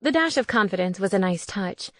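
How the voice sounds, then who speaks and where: A woman narrating a cozy mystery audiobook in an even, soft-spoken way. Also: medium pitch, brisk, no room sound, clean studio sound.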